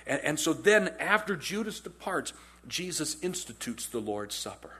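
A man preaching a sermon in a conversational, animated storytelling way, often repeating phrases for emphasis. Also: a little high, normal speed, breathy edge. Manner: animated storytelling, acts out quotes in character. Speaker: pastor.

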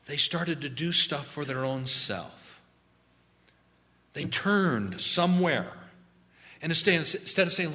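A man's voice: on the high side, expressive, slow pace, sharp tone. A man preaching a sermon in church, emphatic and drawn out, with repeated phrases. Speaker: pastor.

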